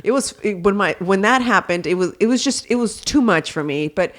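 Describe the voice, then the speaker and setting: Animated woman telling stories. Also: mid-range voice, brisk. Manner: animated storytelling, swearing freely, acting out voices in quotes. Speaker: podcast host. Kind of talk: casual chat.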